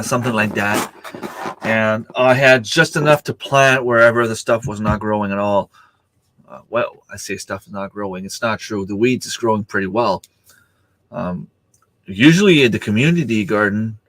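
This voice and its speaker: A man's voice: fairly low pitch, a bit bright, dry recording. A middle-aged man, hosting a casual livestream chat, rambling with many fillers and restarts while he has the hiccups. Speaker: livestream host.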